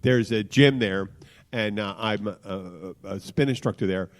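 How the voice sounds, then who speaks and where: A man's voice: fairly low pitch, unhurried. A man co-hosting a casual talk radio show, telling loose, rambling stories with frequent restarts. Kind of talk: casual chat, storytelling.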